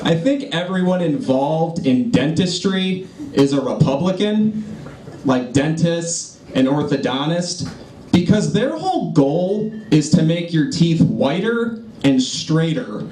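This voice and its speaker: Young comedian with dry one-liners. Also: male voice, fairly high pitch, lively intonation, slow pace, warm tone, distant mic. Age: 20s. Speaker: stand-up comedian. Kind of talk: stand-up comedy set. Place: hotel lounge comedy stage. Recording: echoey lounge, noisy live audience.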